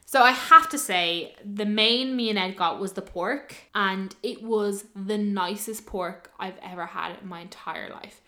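A woman's voice: medium pitch, measured pace, hardly any pauses. A young woman, casually telling a story and acting out the voices of the people in it. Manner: animated, quoting others in lively voices.

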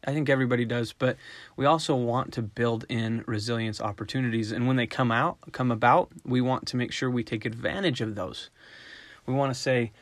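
Relaxed middle-aged man explaining dog training. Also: mid-range voice, dry recording. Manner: relaxed and conversational, acting out quick voiced examples. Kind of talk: casual instructional talk.

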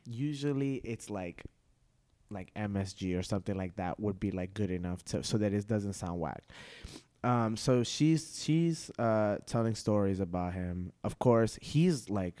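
A man, a comedian guest on a podcast, telling a story in casual slang, animated and laughing often. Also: medium pitch, a little slow.

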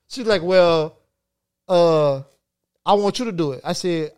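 A man with a noticeably high speaking voice co-hosts a relaxed podcast conversation. He tells his stories with plenty of energy, swears freely and breaks into laughter as he goes. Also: a little slow, pauses often, smooth. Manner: animated storytelling, profane, laughs often. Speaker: podcast co-host. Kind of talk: casual chat.

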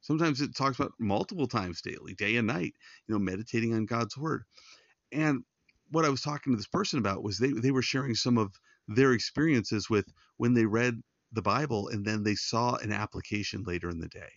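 A man's voice: medium pitch, a little fast, no echo, dull audio. A man hosting a devotional podcast, giving earnest, conversational Bible teaching straight to his listeners. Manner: earnest, pastoral, addresses listeners directly.

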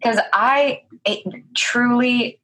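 A young woman co-hosting a casual chat, animated and full of fillers, swearing now and then. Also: a little high, extremely slow. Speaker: podcast co-host.

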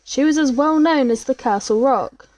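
A woman's voice: high-pitched, moderate pace, a little mellow, no room sound, close to an everyday voice. A woman reading the part of an anxious young medical student in a spoken story. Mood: uneasy. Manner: worried, uneasy.

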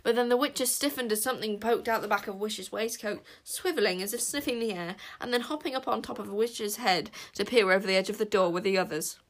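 A woman reading a children's fantasy story aloud with expressive narration. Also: mid-range voice, a little fast, hardly any pauses. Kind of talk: audiobook narration.

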